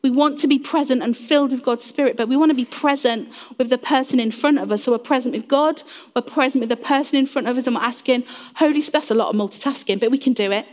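A woman's voice: high-pitched, fast, a little mellow. A woman preaching a sermon in earnest, addressing the congregation directly and acting out quoted voices. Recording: long reverb of a large hall.

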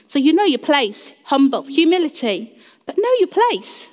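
A woman's voice: sits high, sing-song, moderate pace, darkish tone. A woman preaching a sermon in earnest, addressing the congregation directly and acting out quoted voices. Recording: long reverb of a large hall.

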